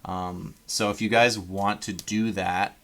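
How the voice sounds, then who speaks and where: A man's voice: fairly low pitch, steady tone, slow pace, fairly bright tone. A man from Canada running a tabletop game as game master, rambling with lots of ums. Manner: rambling, many ums, laughs at own jokes.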